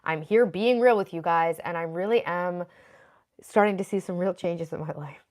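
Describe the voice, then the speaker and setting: A woman's voice: on the low side, normal speed, a little mellow. A woman in her thirties streaming live from her home office, chatting casually and earnestly with viewers and thanking them by name. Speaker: live streamer reading chat. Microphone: computer at her desk.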